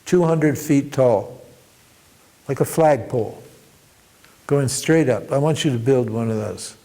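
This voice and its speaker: A man's voice: a little slow, dark tone, close to an everyday voice. A man voicing an ordinary man caught in trouble, with a raised, urgent voice. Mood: commanding. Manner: pleading, higher pitched. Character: desperate ordinary man, pleading then bossy.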